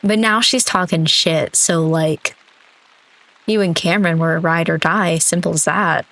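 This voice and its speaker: Girl streamer narrating a visual novel, lowish voice, joking around between lines. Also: steady tone, a little slow, a bit bright, low-quality recording. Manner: playful, chatty asides between narration. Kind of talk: reading a story game aloud.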